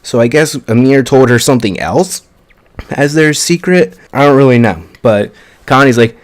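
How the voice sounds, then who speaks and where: Excited, swearing young-sounding man. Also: medium pitch, moderate pace. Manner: excited, profane, chatty storytelling. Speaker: anime reviewer. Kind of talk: casual episode recap.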